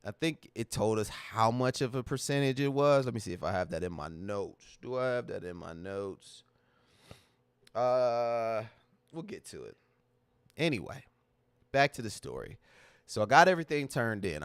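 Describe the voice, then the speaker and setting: A man's voice: lowish voice, expressive, moderate pace, smooth, dry recording. A man hosting a livestream, talking casually to his chat in a candid, emotional, slang-heavy way that repeats itself. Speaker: livestream host.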